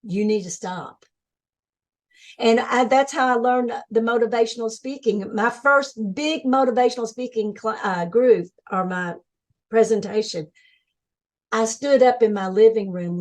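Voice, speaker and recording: A woman speaking as a webinar guest, telling her spiritual experiences with excited energy, restarting sentences as her thoughts rush ahead. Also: medium pitch, moderate pace. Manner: enthusiastic, spiritual, talks in bursts with restarts. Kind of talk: excited personal storytelling.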